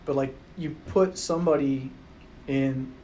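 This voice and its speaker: A man's voice: mid-range voice, fairly even intonation, measured pace, dark tone, a little hiss or hum, poor audio. A man talking casually on a podcast about college track, rambling with restarts.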